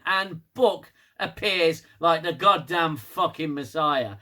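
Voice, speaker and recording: A man's voice: a little high, takes it slowly, few pauses, sharp tone. A man giving a casual, sarcastic, sweary solo review of a TV episode.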